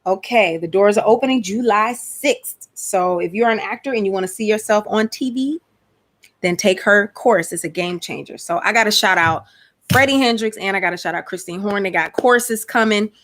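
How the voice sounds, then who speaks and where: Southern georgia-accent woman chatting on a live stream, lively and slangy. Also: mid-range voice, normal speed. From Atlanta, USA. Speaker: host. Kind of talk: casual live-stream chat.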